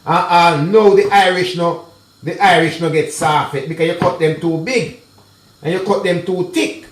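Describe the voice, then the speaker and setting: A man's voice: fairly high pitch, moderate pace, reverberant, a little hiss or hum. A man with a Jamaican accent chatting casually through a cooking tutorial, talking straight to his viewers in patois mixed with English. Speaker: cooking vlogger. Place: kitchen.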